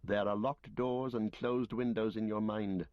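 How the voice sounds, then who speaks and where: A stern, grave lord passing judgement, speaking in formal, measured, solemn tones, as a man puts him on for an audiobook. His voice sits low. The recording is dull, lo-fi and dry. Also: fairly even intonation, no echo.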